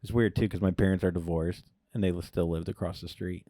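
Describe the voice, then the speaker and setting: A man co-hosting a casual comedy podcast, telling a story with lively jumps in pitch and swearing. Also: brisk, dry recording, studio quality. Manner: animated storytelling, acts out quoted voices. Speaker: podcast co-host.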